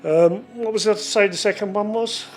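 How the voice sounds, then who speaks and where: A man in his sixties shares a rambling memory in a chatty, joking way. His voice sits a bit high for a man, and soft music plays under him. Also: steady tone, moderate pace. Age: 60s. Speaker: family friend sharing a memory. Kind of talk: casual spoken tribute.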